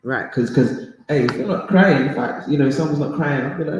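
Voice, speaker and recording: A man's voice: fairly high pitch, fast talker, few pauses, a little mellow. Emphatic man leading a Bible study, echoey. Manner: emphatic, conversational, says "man" and "right?" often. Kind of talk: casual Bible study teaching. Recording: echoey room.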